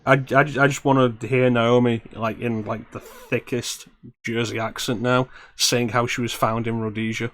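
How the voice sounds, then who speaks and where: A man's voice: medium pitch, flat delivery, normal speed, fairly bright tone. A man co-hosting a casual streamed chat, wry and joking as he plans a script reading. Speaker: podcast co-host.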